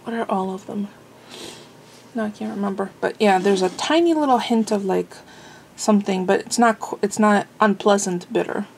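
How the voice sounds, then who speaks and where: A woman's voice: mid-range voice, normal speed, vocal fry, darkish tone, slight background noise, rough recording. Chatty woman rambling in her home vlog. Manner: rambling, self-amused, lots of fillers; cooking while talking. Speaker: vlogger. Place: home kitchen.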